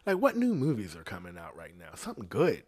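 A man hosting a podcast, rambling through a casual comedic monologue full of swearing. He keeps checking in with the listener and swings between loud and quiet phrases. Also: quick pace. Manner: rambling and profane, constantly asking "you know what I'm saying"; animated, pitch and loudness swinging widely between phrases. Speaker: podcast host.

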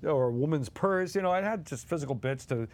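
A man's voice: fairly high pitch, animated, a little fast. A man co-hosting as a guest, telling anecdotes animatedly and acting out quotes with laughs. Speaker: guest co-host.

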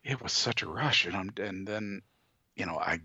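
A man's voice: low voice, moderate pace, sharp tone, slightly rough, no room sound, highs cut off. A man in a casual conversation, rambling and hesitant, with lots of fillers and restarts. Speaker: guest, toy and comics reviewer.

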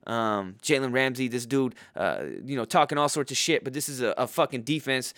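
A man's voice: mid-range voice, brisk, a bit bright, no room sound, studio quality. Profane rambling man ranting picks. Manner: profane, rambling, with many fillers and restarts. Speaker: host making football picks. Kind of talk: casual profane rant.

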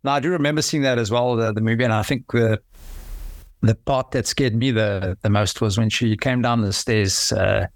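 A man's voice: medium pitch, steady tone, normal speed, no echo. A man chatting casually on a podcast, rambling and hesitant with frequent restarts.

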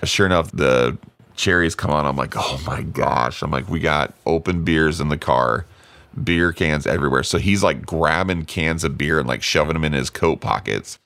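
Very deep-voiced man in his forties. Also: normal speed, vocal fry, dry recording. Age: 40s. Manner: animated storytelling, acts out voices in quotes. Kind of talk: casual chat.

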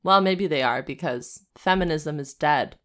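A young woman co-hosting a casual chat show, sarcastic and animated, laughing often. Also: sits low, a little slow. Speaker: podcast co-host.

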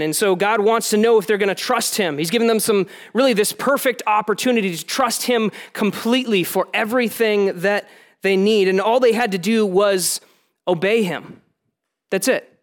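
High-voiced man preaching conversationally. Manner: conversational, plain-spoken preaching with relatable asides. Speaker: pastor. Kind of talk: sermon.

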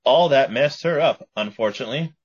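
A man's voice: medium pitch, fairly quick, breathy edge. A man co-hosting a podcast in casual chat, cutting in with short murmured replies and joking remarks. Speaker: podcast co-host. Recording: dull lo-fi recording.

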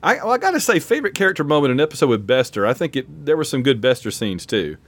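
A man's voice: on the high side, rapid-fire, dry recording. A man co-hosting a podcast in casual chat, acting out quotes with laughs. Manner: animated, acts out quotes with laughs. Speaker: podcast co-host.

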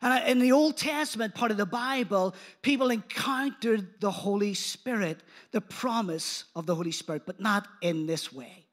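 A man preaching a sermon in church, animated and engaging the congregation, retelling scripture in casual speech. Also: sits high, normal speed, hardly any pauses. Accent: non-local accent.

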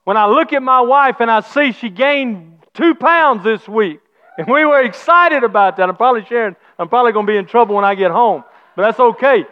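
A middle-aged man preaching a sermon as pastor, his delivery swinging from soft low talk to shouted praise, with folksy church grammar. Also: fairly quick, clear, resonant tone, no echo. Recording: slightly dull lo-fi sound.

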